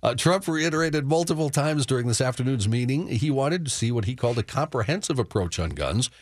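Husky-voiced man reading radio news. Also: mid-range voice, expressive, a little fast, no room sound. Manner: matter-of-fact, chuckles between stories. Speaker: news anchor on a sports radio show. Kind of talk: reading news updates with banter. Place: radio studio.

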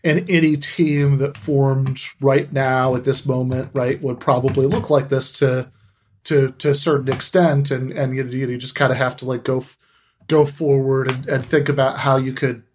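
A man speaking as a guest on a political podcast, halting and reaching for analogies. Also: medium pitch, a little mellow, a little hiss or hum. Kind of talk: casual political chat.

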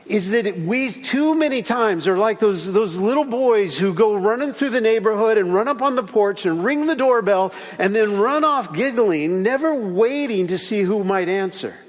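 Pastor, male, high-pitched, animated sermon delivery with repeated refrains, long hall reverb. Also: normal speed, hardly any pauses. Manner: animated, repeats key phrases, acts out little stories.

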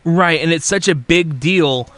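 A man co-hosting a wrestling podcast, recapping a show in a rambling, halting way full of fillers and restarts. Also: a little high, fairly bright tone, dry recording. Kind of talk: casual chat.

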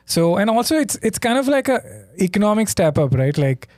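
A comedian from India, a guest on a podcast, talking in a relaxed, measured way. His voice sits a bit high. The sound is close and dry. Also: no room sound. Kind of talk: casual podcast chat.

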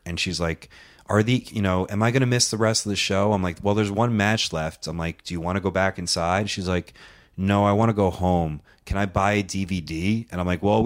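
A man on a casual podcast, telling a rambling story with lots of swearing and acted-out quotes. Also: low voice.

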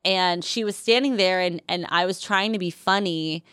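A woman's voice: fairly low pitch, moderate pace, fairly bright tone, clear, resonant tone, no echo, studio quality. A woman in her thirties co-hosting a chat in a hotel room, telling a story in a rambling way with many fillers and laughs. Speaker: podcast co-host.

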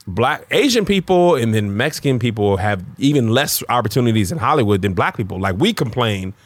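Animated man with a lively, leaping voice. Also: brisk, no room sound. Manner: animated, jumps high for emphasis. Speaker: podcast guest, comedian. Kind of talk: casual chat.

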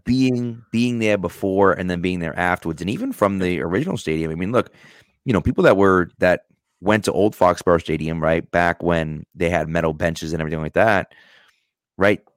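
A man co-hosting a casual sports podcast, explaining things in a relaxed way and often asking "right?". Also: low voice, a little fast, no room sound, clean studio sound. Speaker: podcast co-host. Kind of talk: casual chat.

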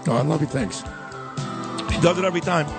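A man's voice: on the high side, gravelly, music in the background. Chatty male radio host. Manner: chatty, supportive, quick interjections. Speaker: radio talk show host. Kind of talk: casual radio chat.

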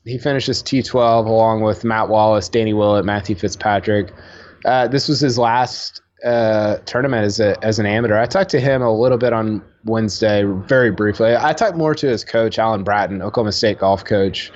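A man's voice: on the low side, moderate pace, highs cut off. A man co-hosting a casual sports podcast, chatty and full of fillers and restarts. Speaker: podcast co-host.

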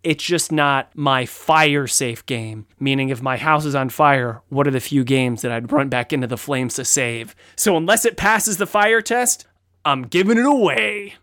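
A man's voice: mid-range voice, normal speed, a bit bright, no echo. A man hosting a casual podcast, chatty and self-deprecating as he rambles to a close. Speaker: podcast host.

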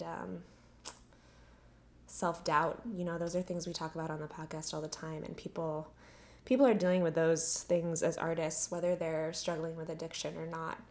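A woman's voice: lowish voice, darkish tone. A young adult woman hosting a podcast, talking candidly and earnestly in a conversational way, a little out of breath. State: slightly out of breath. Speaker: podcast host. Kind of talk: personal reflective talk.

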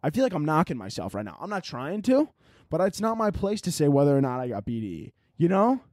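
A man's voice: a little high, very animated, fast talker, a little mellow, no echo, clean studio sound. Profane rambling young man podcasting. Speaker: podcast host. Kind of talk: casual solo podcast chat.

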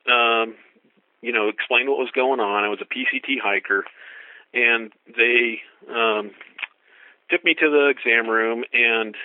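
A man's voice: mid-range voice, no room sound. A middle-aged man, a thru-hiker guest, telling a long anecdote and acting out the dialogue with a lifted voice on the quotes. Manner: lively, acts out dialogue with rising voice for quotes. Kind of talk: storytelling anecdote. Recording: tinny phone-line recording.

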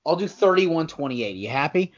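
A man's voice: a little high, very animated, moderate pace. Rambling man in lo-fi sports chat. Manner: rambling, self-correcting, teasing. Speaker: podcast co-host. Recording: dull lo-fi podcast audio.

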